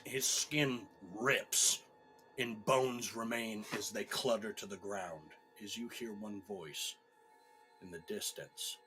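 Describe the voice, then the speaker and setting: A male game master narrates a tabletop game slowly and dramatically. His low voice has a bright, forceful edge, with faint music playing behind. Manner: dramatic, measured storytelling.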